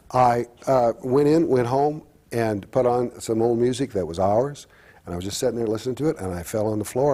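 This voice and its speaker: A middle-aged man talking candidly as a guest, halting and reflective, with frequent restarts. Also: mid-range voice, warm tone. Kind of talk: candid personal talk-show conversation.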